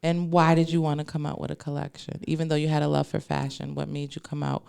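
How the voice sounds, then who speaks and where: A woman's voice: low voice, little pitch movement, fast talker, creaky, a little mellow, clear, resonant tone. Chatty New York woman hosting a podcast. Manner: chatty, playful, laughs easily. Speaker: podcast host. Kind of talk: casual fashion chat.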